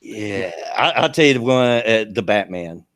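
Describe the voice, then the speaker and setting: A man's voice: lowish voice, animated, normal speed, a bit bright, no room sound, studio quality. An older man with a Southern US accent, hosting a casual talk show, stammering and laughing as he rambles. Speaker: podcast host. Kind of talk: casual chat.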